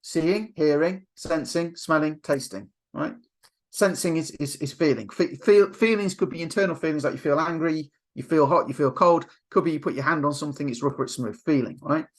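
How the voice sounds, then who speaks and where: A man teaching in a motivational webinar, his voice sitting a little high. He tells stories and slips into quick acted-out quotes. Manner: animated storyteller, acts out quotes. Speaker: NLP coach.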